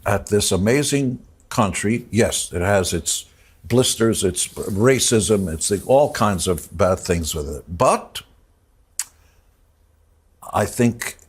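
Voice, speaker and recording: A man telling an emotional personal story in a TV interview, reflective and halting, getting choked up at times. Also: fairly low pitch, expressive, slightly rough. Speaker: interview guest.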